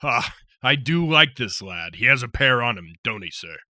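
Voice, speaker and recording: A man voicing a huge, jovial male warrior captain with boisterous, rough soldier talk. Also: fairly low pitch, expressive, normal speed, pushed and bright, dry recording. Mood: amused.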